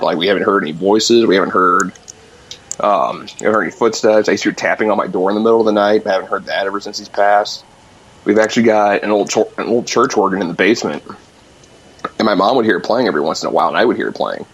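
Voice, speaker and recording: Fast-talking husky young man on a call. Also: fairly low pitch, fairly even intonation. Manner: rambling, many fillers, quick. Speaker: guest musician calling in. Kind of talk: casual storytelling. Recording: dull lo-fi call-in line.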